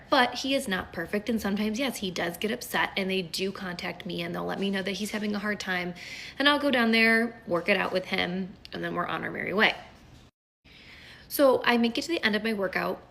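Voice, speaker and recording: A woman in her thirties chats through a personal story in a casual storytime style. She is animated and quick, with plenty of asides and fillers. Her voice sits at an ordinary middle pitch. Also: gravelly, slight background noise. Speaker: kindergarten teacher and mother telling a story.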